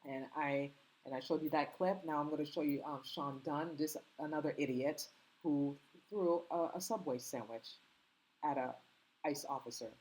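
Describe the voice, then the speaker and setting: This is casual opinion commentary from a woman who runs her own channel and has a slight foreign accent. She speaks earnestly at a moderate pace, wandering through her points with lots of ums and restarts. The voice sits low and is a little mellow, though the audio is poor.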